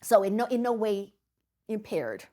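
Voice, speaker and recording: An older woman from the United States, recounting memories in an interview with lively storytelling and frequent laughter. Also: medium pitch, a little slow. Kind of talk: oral history storytelling.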